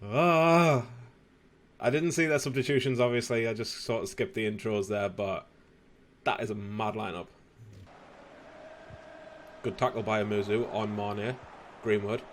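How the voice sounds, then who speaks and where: Excitable young man commentating a game. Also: fairly low pitch, moderate pace, pauses often, a little hiss or hum. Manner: excitable, shouts at goals, casual swearing. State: slightly losing his voice. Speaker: gaming youtuber.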